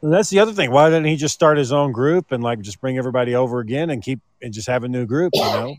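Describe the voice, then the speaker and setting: A man's voice: medium pitch, fast talker, dry recording. A man co-hosting a podcast, telling stories in casual chat and swearing freely. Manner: swearing, lively storytelling. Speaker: podcast co-host.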